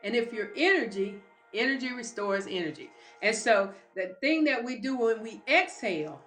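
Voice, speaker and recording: A woman's voice: fairly high pitch, expressive, moderate pace, fairly bright tone, roomy sound, soft background music. A woman giving a live motivational talk, speaking emphatically and like a preacher straight to her listeners.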